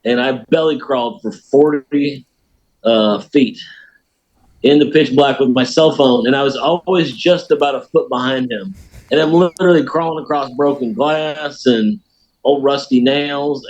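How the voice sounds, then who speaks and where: An American man, a podcast guest, telling a story in a folksy, animated way. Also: mid-range voice, muffled recording. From United States. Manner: animated storyteller, folksy, laughs at his own tale. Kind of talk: casual storytelling.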